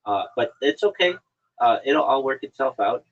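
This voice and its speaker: A man's voice: medium pitch, lively intonation, normal speed. A man hosting a podcast over an online call, chatting casually and teasing his guest in a mock-lecturing way. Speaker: podcast host. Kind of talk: casual chat. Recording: dull lo-fi stream audio.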